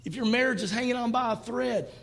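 A man's voice: very high-pitched, quick pace, gravelly, fairly bright tone, big-room sound. A man in his fifties preaching a sermon to a church congregation, talking in a conversational way and acting out quoted lines. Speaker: pastor. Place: church sanctuary.

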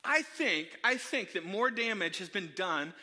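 A man preaching a sermon, telling a funny self-deprecating story from his childhood to the congregation in an animated way. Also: high-pitched, unhurried. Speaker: pastor. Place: church sanctuary. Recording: long hall reverb.

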